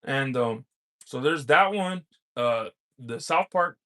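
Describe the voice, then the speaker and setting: A man hosting a livestream, chatting casually and reading out viewer comments, halting with many pauses and filler sounds. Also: medium pitch, animated, a bit bright. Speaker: livestream host.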